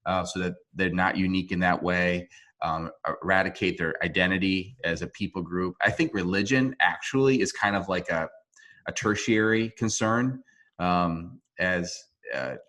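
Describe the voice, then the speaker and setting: Low-voiced man, remote interview guest, earnest and halting, speaks over a video call. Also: fairly bright tone. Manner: earnest, halting, with frequent restarts.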